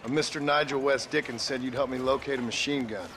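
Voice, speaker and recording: An actor playing a tough, laconic gunslinger who speaks dryly and tersely in a video game cutscene. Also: male voice, medium pitch, fairly even intonation, fast, background noise, lightly acted. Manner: dry, terse, threatening. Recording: game audio with outdoor ambience.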